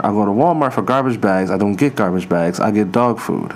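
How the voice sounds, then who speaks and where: Man, podcast host, fairly low voice, rambling profane monologue, faint hiss behind. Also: a little fast. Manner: rambling, profane storytelling with self-mocking asides. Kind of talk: casual comedic monologue.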